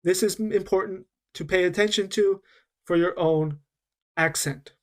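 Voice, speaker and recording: Guy with a fairly high voice teaching an english course, patient, keeps asking okay?. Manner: patient, slows down to demonstrate, frequent "okay?" check-ins. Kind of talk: recorded online course lesson.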